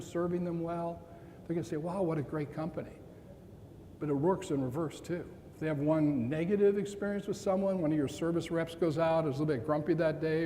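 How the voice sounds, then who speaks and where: Man in his sixties telling a story in a hall. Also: sits high. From Montana. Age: 60s. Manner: animated, with dramatic pauses and quoted dialogue. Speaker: keynote speaker. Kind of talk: storytelling talk to an audience. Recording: long reverb in a large hall, faint room noise.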